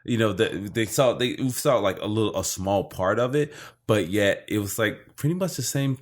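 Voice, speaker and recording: A man's voice: fairly low pitch, expressive, moderate pace. A man co-hosting a casual podcast, rambling and laughing often. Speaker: podcast co-host. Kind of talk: casual chat. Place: home podcast setup. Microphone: studio mic. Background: game trailer playing.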